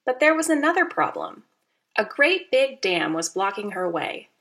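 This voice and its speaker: A woman narrating a children's storybook aloud, expressive and playful, with teacherly asides to young listeners. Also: medium pitch, normal speed.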